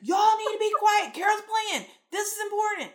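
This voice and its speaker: A woman voicing God as a male figure who hushes all of heaven, commanding and comic. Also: very high-pitched, expressive, moderate pace, reverberant, voice pushed up.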